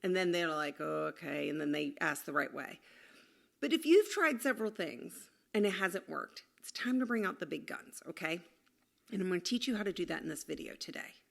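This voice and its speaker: A woman's voice: on the low side, very animated, a little fast, creaky. Woman in her forties, parenting coach, casual to-camera advice, plays out kids' back talk. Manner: acts out kids' replies in snippy voices.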